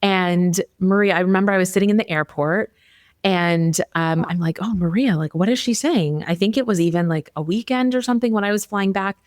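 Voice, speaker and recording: A woman hosting a podcast as an admissions coach, talking in an animated, encouraging way. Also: mid-range voice, fairly quick, clear, resonant tone, no room sound, studio quality. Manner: warmly encouraging, animated retelling. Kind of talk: casual interview talk.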